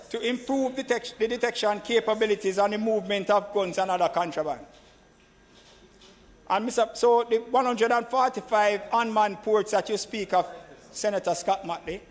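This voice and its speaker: A man speaks in a notably high register, pressing his points in a parliamentary debate. He repeats his phrases for emphasis and keeps turning back to the chair. His voice carries a long reverb from the senate chamber. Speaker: government senator.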